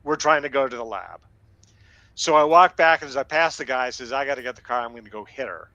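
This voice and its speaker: A man with a bright, edgy voice recorded dry and close, with no room sound. He spins an everyday anecdote bluntly, dropping curses as he goes. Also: medium pitch, expressive, quick pace, dry recording, lo-fi sound. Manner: blunt and profane, telling anecdotes. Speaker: podcast co-host. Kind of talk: casual storytelling.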